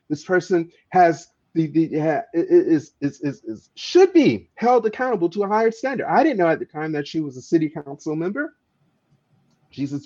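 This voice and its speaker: A man's voice: high-pitched, darkish tone. A man speaking as an activist guest, telling a story with passion and often stumbling over repeated words. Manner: emphatic, stammering repeats of words. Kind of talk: impassioned storytelling in conversation. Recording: dull lo-fi audio.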